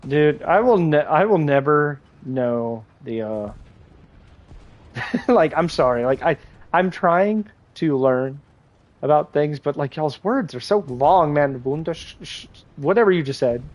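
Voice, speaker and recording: A man's voice: on the high side, expressive, takes it slowly, no room sound. A man streaming a game, chatting casually and rambling, full of "like" and restarts. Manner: rambling, heavy use of "like", many restarts. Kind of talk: casual chat while gaming.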